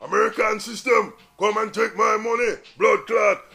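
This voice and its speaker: A man voicing a ranting homeless Rasta man, shouting patois exclamations. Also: sits high, fairly even intonation, moderate pace, creaky, faint music behind, pitched above the performer's own voice, full character voice.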